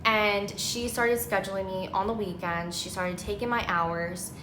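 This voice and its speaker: A woman's voice: mid-range voice, fairly even intonation, unhurried, reverberant, background noise. A woman in her thirties, a pharmacy technician about to become a nurse, venting emphatically in a candid vlog storytime full of fillers. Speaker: pharmacy technician and nursing student.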